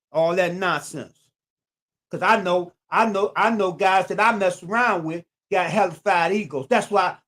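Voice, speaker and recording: Speaking to his audience directly, a high-voiced man with a slightly bright sound runs a casual live stream. He restates his points with the emphasis of a preacher and welcomes viewers by name.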